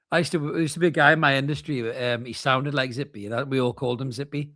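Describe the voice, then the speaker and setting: A man's voice: medium pitch, pushed and bright, no room sound, studio quality. Blunt, joking man. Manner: banter-laden, joking, quick to laugh; blunt, emphatic opinions. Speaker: podcast co-host. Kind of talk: casual watchalong commentary.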